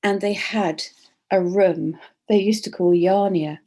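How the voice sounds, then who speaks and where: A woman's voice: medium pitch, fairly even intonation, slow pace, warm tone. A woman hosting a casual craft livestream from home, chatting in a rambling, cheerful way over a video call. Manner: chatty, rambling, laughs often. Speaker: livestream host. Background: dog.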